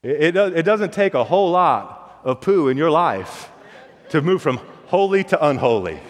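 A man's voice: on the high side, very animated, moderate pace. A male pastor preaching a sermon in a folksy, storytelling way, often restarting and repeating words. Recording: long hall reverb.

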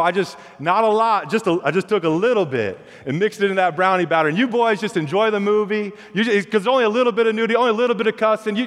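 A man's voice: high voice, pitched above the performer's own voice, lightly acted. A man voicing a sly, matter-of-fact suburban mother, talking breezily and repeating herself. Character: sly, calm suburban mother teaching a lesson. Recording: long hall reverb.

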